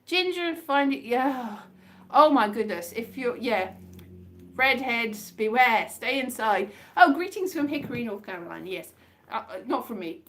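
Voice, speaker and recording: High-voiced woman, rambling chat. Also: animated, normal speed. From Wales. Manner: rambling, chatty, jumps between tangents. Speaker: comedian live-streaming to viewers. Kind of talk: casual live-stream chat. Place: indoors at home.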